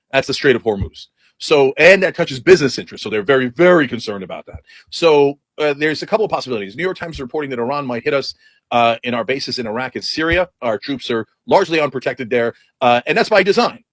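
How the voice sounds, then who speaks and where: A man's voice: mid-range voice, fairly bright tone, no echo. A man giving a heated, sarcastic, blunt political commentary rant.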